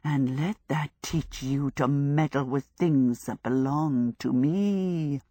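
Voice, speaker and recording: A woman reading an audiobook, voicing a haughty, menacing witch who talks in a cold, low hush. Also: takes it slowly, no echo, clean studio sound, full character voice. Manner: cold, contemptuous, hushed and low. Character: haughty menacing female witch, grand lady. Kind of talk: audiobook character voice.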